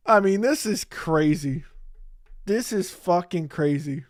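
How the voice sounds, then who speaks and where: A man with a slightly high voice hosts a casual livestream, talking slowly to chat with lively intonation. He rants indignantly and swears a lot.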